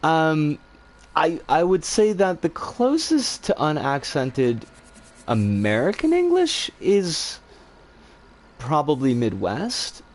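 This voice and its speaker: A man streaming and chatting casually, answering viewer comments in a rambling, animated way with some swearing. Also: fairly high pitch, takes it slowly.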